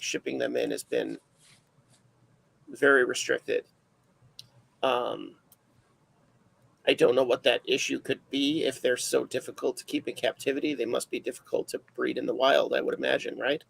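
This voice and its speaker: A man's voice: mid-range voice, fairly even intonation, moderate pace, creaky, husky, rough recording. A man hosting a casual livestream chat, rambling and self-deprecating, full of fillers. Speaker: livestream host.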